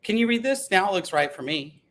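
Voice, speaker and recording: A man hosting a casual live stream chat, talking in an excitable, rambling way and often breaking off mid-sentence. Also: high-pitched, brisk. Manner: chatty, excitable, self-interrupting. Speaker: livestream host.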